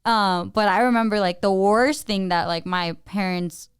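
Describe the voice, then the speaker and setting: A young woman co-hosting a podcast, telling animated stories about growing up and acting out her parents' lines. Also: mid-range voice, normal speed, smooth, no room sound, studio quality. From Mexican-American family. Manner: animated storyteller, acts out parents' lines, lots of "like". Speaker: podcast co-host. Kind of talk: casual chat.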